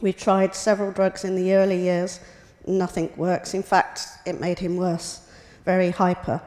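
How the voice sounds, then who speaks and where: A woman's voice: on the low side, little pitch movement, unhurried, a little mellow. A middle-aged woman giving a prepared personal talk as a carer, in a plain, matter-of-fact way. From United Kingdom. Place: hospital lecture room. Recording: reverberant hall.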